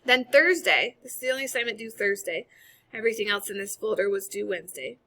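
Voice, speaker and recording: Bright-sounding woman teacher going over homework on a screen share, casual and chatty, computer mic. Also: mid-range voice, fast talker. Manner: casual, upbeat, chatty with fillers. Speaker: high school English teacher. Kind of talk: recorded screen-share lesson walkthrough.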